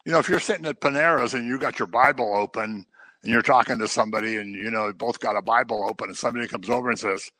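A man's voice: medium pitch, fast talker, pushed and bright, no echo, low-quality recording. A man preaching a conversational sermon, full of joking asides and everyday stories.

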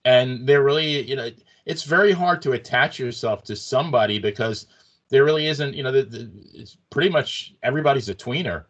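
Brief: a man of mid pitch, measured and opinionated, casual chat. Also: fairly bright tone, dull audio.

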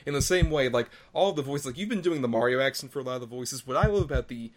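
A man's voice: medium pitch, lively intonation, quick pace. A man co-hosting a casual podcast, rambling through a movie review, laughing often and mimicking lines from the film. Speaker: podcast co-host.

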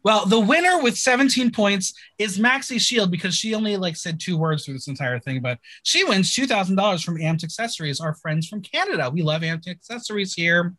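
Man, podcast host, casual joking recap, bright voice, dry close sound. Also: sits high, brisk, few pauses, dry recording. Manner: animated, laughing, joking. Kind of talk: casual chat.

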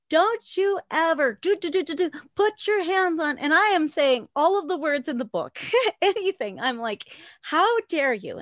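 A woman in her forties telling a wild story in an interview, loud and animated, laughing often. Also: high voice, no echo, clean studio sound. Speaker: guest, former dancer with a podcast.

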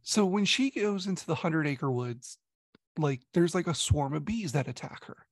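A man in casual podcast chat, telling a story in an animated, rambling way. His voice sits a little high and has a gravelly fry to it. The sound is dry and close, with no room around it. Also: moderate pace, dry recording. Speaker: podcast co-host reviewing a movie.

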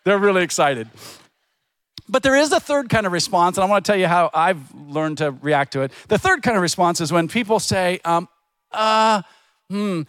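Man, middle-aged, pastor, sermon, conversational storytelling, raised pitch, dry sound. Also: lively intonation, moderate pace, fairly bright tone, no echo. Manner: conversational storytelling, acts out quoted voices. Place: church.

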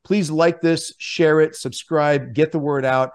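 An earnest male podcast host with a slightly high voice. He talks eagerly and often restarts his phrases. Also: fairly even intonation, measured pace, clear, resonant tone. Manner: enthusiastic and earnest, with many restarts. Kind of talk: casual podcast hosting.

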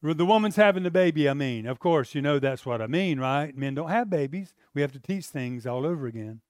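Emphatic pastor preaching. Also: male voice, a little high, lively intonation, a little fast, darkish tone, no room sound, clean studio sound. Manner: conversational preaching, rising to emphatic outbursts. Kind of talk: sermon.

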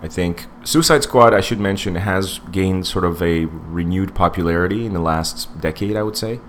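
Deep voiced guy in his 40s rambling on a podcast, lots of ums, bit of hiss. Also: normal speed. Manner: rambling, digressive, many fillers and restarts. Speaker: podcast co-host. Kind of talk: casual podcast movie review.

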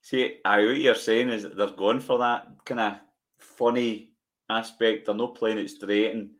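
A man's voice: lowish voice, a little slow. A man joking and swearing casually while reacting to a film. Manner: lively, jokey, swears often.

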